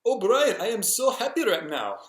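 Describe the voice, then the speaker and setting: A man imitating an Indian accent to voice a cheerful, small older man learning to swim, his voice pushed high and bright. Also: wildly swooping pitch, moderate pace. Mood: delighted. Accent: Indian, imitated badly. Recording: echoey room.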